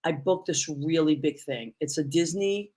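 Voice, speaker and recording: A woman's voice: deep voice, normal speed, warm tone. A woman hosting a casual interview, telling stories with lots of exclamations. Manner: effusive, storytelling with many exclamations. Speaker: talk show host.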